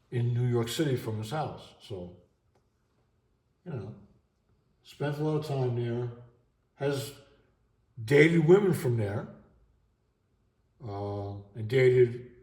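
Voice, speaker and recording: A man's voice: mid-range voice, a little mellow. Rambling, emotional man in an echoey room. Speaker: vlogger. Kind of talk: unscripted monologue vlog. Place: at home.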